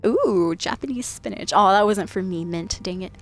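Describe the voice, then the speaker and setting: A woman's voice: mid-range voice, normal speed, faint music behind. A woman from Washington state chatting casually on a late-night gaming stream, laughing and thanking viewers by name. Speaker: game streamer.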